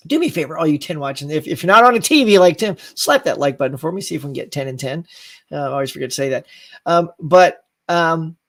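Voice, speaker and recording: A man's voice: on the high side, animated, fast, a bit bright. A man hosting a live stream show, chatting casually, reading viewer comments, laughing often and going off on tangents.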